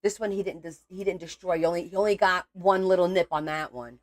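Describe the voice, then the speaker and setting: At her home craft table, a woman hosts a casual crafting video, her lowish voice moving at a quick pace with no echo. She chats loosely and now and then bursts out in exasperation.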